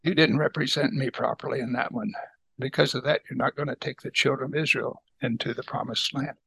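A man voicing God as a calm, fatherly but firm male figure. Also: mid-range voice, fairly quick, gravelly, husky, dry recording, heavily acted. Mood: stern.

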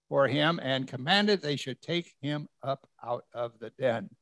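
A man's voice: on the high side, expressive, unhurried, hardly any pauses, a bit bright, no room sound. A man preaching a conversational sermon, reading scripture verse by verse and putting questions to his listeners. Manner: conversational, asks the congregation questions. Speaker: pastor.

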